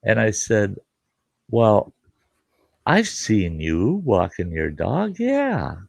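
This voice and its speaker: Gravelly low-voiced man telling camp stories. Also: huge pitch swings, slow pace, a little mellow, no room sound. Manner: folksy, swears casually, acts out both sides of conversations. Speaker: campground host and show host. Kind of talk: casual storytelling chat.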